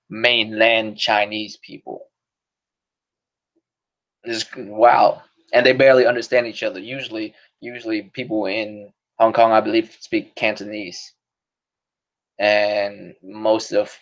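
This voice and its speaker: A man's voice: lowish voice, lo-fi sound. A man hosting a podcast stream, chatting casually in a rambling, profane way and laughing often. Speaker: podcast host. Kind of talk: casual solo stream chat.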